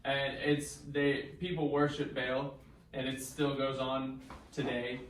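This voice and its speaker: A man's voice: mid-range voice, slow, slight background noise. A man, a pastor, teaching an acted-out Bible lesson and quizzing his audience, in a church. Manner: animated, asks audience questions. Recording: echoey room from far off.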